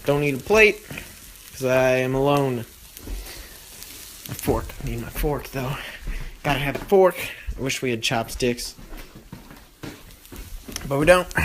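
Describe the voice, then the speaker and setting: A man's voice: medium pitch, measured pace, long pauses, fairly bright tone, a little hiss or hum. A young man hosting a comedy cooking show, rambling in mock-serious self-talk as he cooks in a home kitchen. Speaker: cooking channel host. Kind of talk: comic cooking monologue. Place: home kitchen, frying on the stove. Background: sizzling pan.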